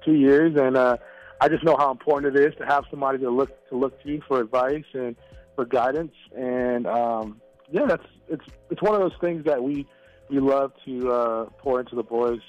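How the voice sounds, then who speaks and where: A man who leads a community youth program, speaking earnestly as a radio guest with many pauses. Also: medium pitch, lo-fi sound, faint music behind. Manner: earnest, halting with fillers. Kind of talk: phone-in interview.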